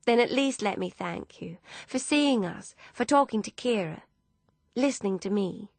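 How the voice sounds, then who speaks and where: A woman voicing a young female film director, gentle and apologetic, speaking in an earnest, softly confiding way. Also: mid-range voice, expressive, normal speed, creaky, no echo. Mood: grateful.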